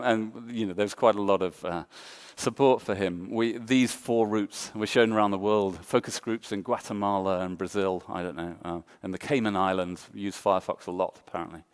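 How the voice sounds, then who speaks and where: Joking Englishman on a conference stage. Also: on the low side. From England. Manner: self-deprecating, joking, many fillers. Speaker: conference speaker. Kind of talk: design talk on stage.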